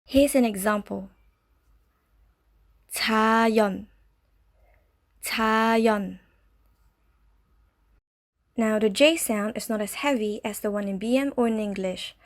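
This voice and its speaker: A woman narrating a scripted language lesson, explaining step by step in a slow, clear way. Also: mid-range voice, a little mellow. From Malaysia. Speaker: language teacher.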